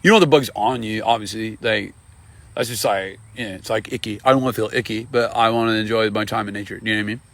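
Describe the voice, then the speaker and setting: A man's voice: on the low side, fairly even intonation, fast talker, creaky. A man chatting casually on a live stream outdoors by a river, rambling with many fillers and laughing often. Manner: rambling, full of fillers and repeated "you know what I mean".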